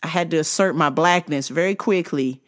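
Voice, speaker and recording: A woman's voice: deep voice, moderate pace. A woman vlogger delivering a profane comedic rant, acting out dialogue as she tells a story. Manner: profane, animated, acts out dialogue.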